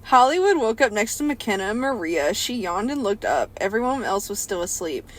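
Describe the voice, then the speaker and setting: A woman's voice: medium pitch, big pitch swings, moderate pace. A young woman co-hosting a casual podcast, reading a story aloud and breaking off with giggles to tease the writing. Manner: giggly, reads then breaks off to mock the text.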